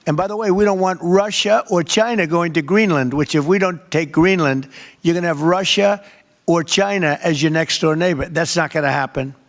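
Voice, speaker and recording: An older man holds forth at a press gaggle, his voice sitting a touch high. He rambles and repeats himself, leaning hard on key words. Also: moderate pace, slight background noise. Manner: rambling, repetitive, emphatic. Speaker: head of state answering press questions.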